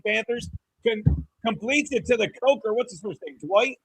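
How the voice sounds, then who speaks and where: A man hosting a casual sports watchalong stream, talking excitably with profanity and joking asides to his chat. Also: high-pitched, normal speed, gravelly, breathy edge, low-quality recording. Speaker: livestream host.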